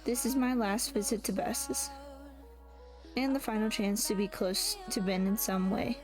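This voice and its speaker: With music in the background, a female audiobook reader voices a first-person novel, often halting to fix her words and begin again. She speaks unhurriedly in a steady, fairly high voice.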